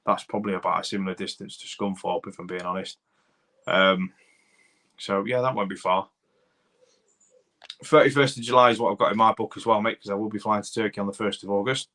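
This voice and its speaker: This Doncaster-accented streamer, a mechanic in his thirties, talks fairly quickly with fairly even intonation and frequent pauses. His slightly low, bright-edged voice rambles matily through viewer comments, addressing people as mate and buddy.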